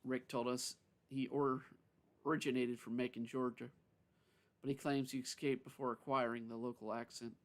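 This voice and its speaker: A man reading a story aloud on a live stream, unhurried, with frequent self-corrections. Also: medium pitch, little pitch movement.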